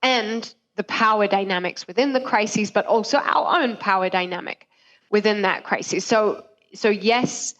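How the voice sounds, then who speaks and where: A woman giving earnest, measured closing remarks on a panel, speaking remotely over a video call. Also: medium pitch, fairly bright tone, rough recording. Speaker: panel speaker from humanitarian agency.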